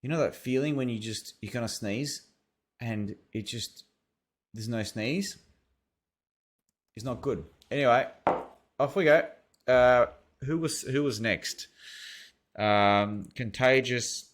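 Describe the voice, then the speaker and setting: A man's voice: medium pitch, slow, long pauses. A man with an Australian accent reviewing websites as an SEO consultant, thinking aloud in a casual, rambling way. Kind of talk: casual screen-share commentary.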